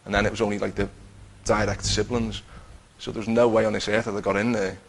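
Here a man with a low, flat delivery rattles through his personal story of faith, chatting as he goes and performing the quotes of himself and the people around him. Restarts pile up throughout, and the recording sounds rough.

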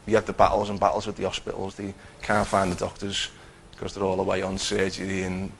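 A middle-aged man telling his personal Christian testimony in an earnest, halting way, with many restarts. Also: sits low, completely flat delivery, vocal fry, a little hiss or hum, poor audio. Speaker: Christian teacher giving testimony.

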